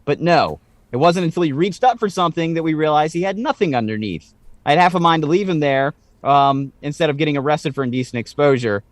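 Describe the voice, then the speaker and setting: A man's voice: on the high side, quick pace, no echo. A man co-hosting a podcast in casual chat, rambling and full of "like" fillers. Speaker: podcast co-host.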